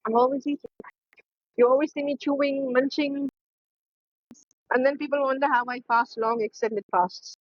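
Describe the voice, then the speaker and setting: A woman's voice: high-pitched, fairly even intonation, moderate pace, long pauses, lo-fi sound. A woman in her fifties co-hosting a podcast in casual opinionated chat, ranting animatedly and mocking other people's voices. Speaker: podcast co-host.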